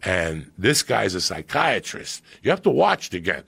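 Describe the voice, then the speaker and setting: A man with a gravelly voice telling animated, profane stories as a podcast guest and acting out movie quotes. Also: sits low, moderate pace, no echo. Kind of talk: profane storytelling.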